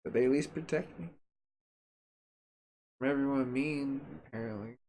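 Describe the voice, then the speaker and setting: A man's voice: medium pitch, normal speed, a little mellow, slight background noise. Joking, rambling male gaming host. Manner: joking, rambling and sarcastic, with frequent fillers. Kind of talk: casual commentary while testing a graphics card.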